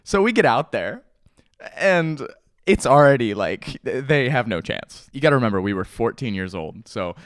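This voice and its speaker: A man's voice: mid-range voice, big pitch swings, normal speed, no echo. Rambling young man, dry close mic. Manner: rambling storyteller, laughs often. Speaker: vlogger. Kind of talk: casual morning chat. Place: at home with a pet. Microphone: mic on a stand.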